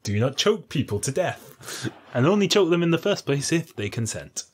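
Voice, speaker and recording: A man's voice: a little high, sing-song, normal speed, breathy edge. A man co-hosting a comedy podcast, chatting casually with dry, wry quips. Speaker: podcast co-host.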